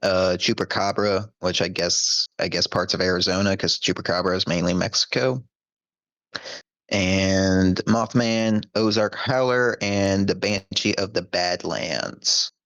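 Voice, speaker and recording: A man's voice: deep voice, steady tone, measured pace, a bit bright, no room sound. A man co-hosting a casual podcast on a headset, laid-back and rambling, full of fillers. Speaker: podcast co-host. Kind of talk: casual chat.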